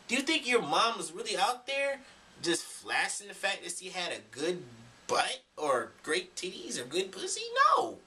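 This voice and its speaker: Animated ranting man, high and bright. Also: distant mic, a little hiss or hum. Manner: emphatic, preachy, profane. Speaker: vlogger. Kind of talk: ranting vlog monologue. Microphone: camera mic.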